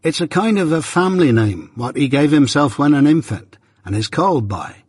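Brief: man voicing a plain-spoken rustic blacksmith, slow and thoughtful, husky storybook voice. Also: on the high side, expressive, a little mellow, no echo, studio quality, pitched above the performer's own voice. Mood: meditative. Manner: slow, meditative, rustic grammar. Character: kindly simple village blacksmith, slow and plain.

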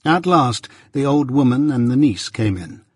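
Guy reading an old novel out loud, husky voice, dry close sound, steady and measured. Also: medium pitch, no room sound. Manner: measured, literary storytelling. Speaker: audiobook narrator. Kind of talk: scripted first-person narration.

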